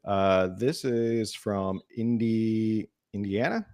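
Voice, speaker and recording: Male co-host, low voice, dry and wry, casual podcast talk. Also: takes it slowly, a little mellow. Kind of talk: casual political chat.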